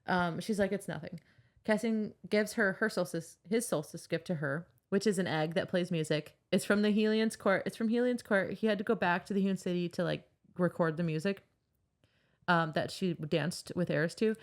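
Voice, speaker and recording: A woman's voice: lowish voice, moderate pace. A woman co-hosting a podcast, retelling a novel's plot in casual chat with frequent laughs. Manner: animated retelling, laughs often. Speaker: podcast co-host. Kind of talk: casual book recap chat.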